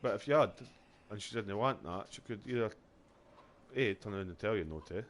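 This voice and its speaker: A man's voice: fairly low pitch, animated, fairly quick, slight background noise. A Scottish man streaming a game, telling stories in casual, sweary, rambling chat. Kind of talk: casual chat while gaming.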